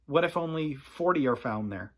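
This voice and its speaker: A man's voice: a little high, expressive, normal speed. A man reading the lines of a humble aged patriarch, pleading earnestly and hesitantly.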